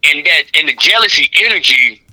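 A man's voice: fairly high pitch, brisk, rough recording. A middle-aged man, a comedian, chatting casually on a podcast and acting out voices from his stories. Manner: animated, acts out crowd and director voices.

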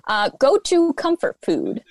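A woman co-hosting a podcast, lively and laughing easily. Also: sits high, measured pace, creaky, dry recording. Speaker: podcast co-host. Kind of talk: casual interview chat.

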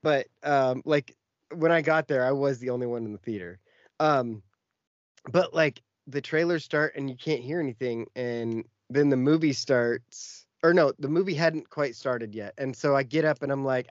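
A man's voice: medium pitch, normal speed, dry recording, muffled recording. A man co-hosting a podcast, telling a long story in casual chat with lots of fillers. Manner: rambling storytelling with many fillers. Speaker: podcast co-host.

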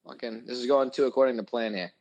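A man's voice: medium pitch, fairly even intonation, fast talker, darkish tone. A man co-hosting a casual chat, reacting with short teasing interjections.

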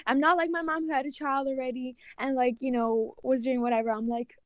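A woman's voice: high voice, steady tone, fairly quick, no echo. A woman in her twenties, co-hosting a podcast in casual chat, talking emphatically and with empathy. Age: 20s. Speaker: podcast co-host.

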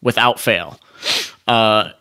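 A man's voice: on the low side, slow pace, pushed and bright, clear, resonant tone. A man co-hosting a podcast in casual chat, rambling with restarts, laughing often and swearing. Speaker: podcast co-host.

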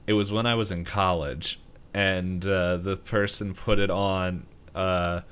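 A man co-hosting a podcast, telling stories in a hesitant, halting way with frequent restarts. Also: sits low, fairly even intonation, a bit bright, clear, resonant tone. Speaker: podcast co-host. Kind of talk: casual chat.

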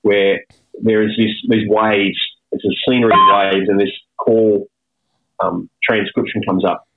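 A man's voice: on the low side, flat delivery, a little slow, phone-quality sound, slight background noise. A man with an Australian accent chatting casually and telling stories with self-mocking humor. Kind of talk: casual chat.

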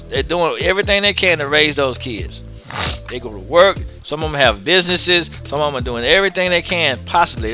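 A man's voice: medium pitch, sharp tone. A man hosting his own show, giving a blunt, casual opinion monologue to his viewers and hammering his points home with repetition. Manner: casual and blunt, drops in slang.

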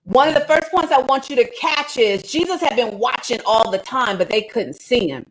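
A woman leading a casual livestreamed Bible study, animated and quick to laugh, with dramatic asides. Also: a little high, husky, low-quality recording.

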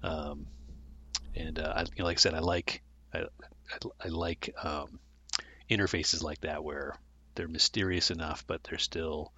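Very deep-voiced male co-host, halting casual chat. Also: level tone, bright, forceful tone, breathy edge. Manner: hesitant, many fillers and restarts, self-deprecating. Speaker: podcast co-host.

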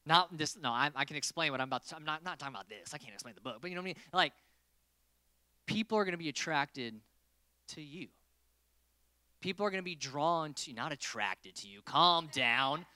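Lively, bright-voiced young male preacher. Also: on the high side, brisk, dry recording, clean studio sound. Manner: playful, joking with the crowd. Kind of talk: casual sermon.

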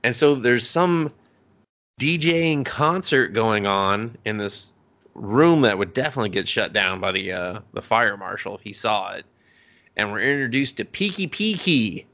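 A man's voice: lowish voice, animated, measured pace, sharp tone. A young man co-hosting a podcast, casually recapping an anime episode in a rambling, profane way, laughing often. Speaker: podcast co-host.

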